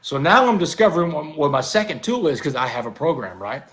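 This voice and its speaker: A man's voice: on the high side, big pitch swings, fast talker, a bit bright. A man, a guest in an interview, telling a personal story earnestly and often dropping "man" into his talk. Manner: earnest, keeps saying "man".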